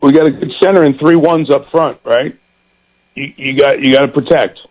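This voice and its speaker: A middle-aged man, a football broadcaster, chatting as a guest in a radio interview, lively and given to repeating words as he starts a thought. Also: mid-range voice, moderate pace, muffled recording.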